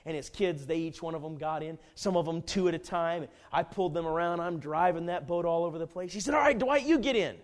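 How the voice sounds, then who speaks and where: A man preaching a sermon, telling a folksy, humorous personal story in an animated way. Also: on the high side, fast talker, few pauses.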